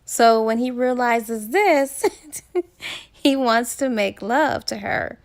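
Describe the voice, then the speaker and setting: A woman's voice: on the high side, slow. A woman casually retelling a romance novel's plot as a book reviewer, chatty and full of asides.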